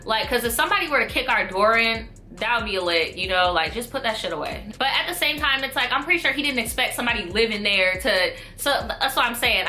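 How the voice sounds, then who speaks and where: Animated, profane woman telling a story. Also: on the high side. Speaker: vlogger. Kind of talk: storytime vlog.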